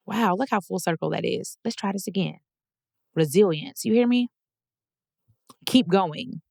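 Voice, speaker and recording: A heartfelt woman in her twenties reads personal letters aloud on her podcast. Her voice sits a little low and is recorded close with no room sound. She sounds emotional and on the edge of tears, speaking with affirmation. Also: no echo. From Texas. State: tearful. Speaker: podcast host.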